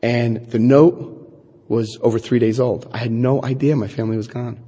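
A middle-aged man giving a personal testimony talk to an audience, an animated storyteller who acts out quotes and adds wry asides. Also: mid-range voice, moderate pace, breathy edge. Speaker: speaker telling his recovery story. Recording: echoey hall.

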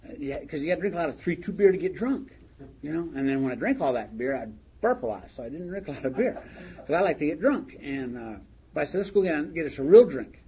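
At a recovery meeting in a hall, an older man tells a humorous story about himself, folksy and laughing along at his own words. His voice is on the high side, sing-song, fast, and darkish in tone, and the recording is dull and lo-fi with faint hiss.

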